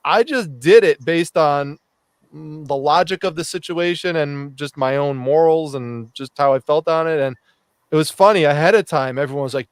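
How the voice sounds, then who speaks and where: Smooth-voiced man telling a story. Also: a little high, moderate pace, dry recording. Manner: reflective, with frequent uh and um. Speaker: reseller YouTuber guest. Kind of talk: casual storytelling.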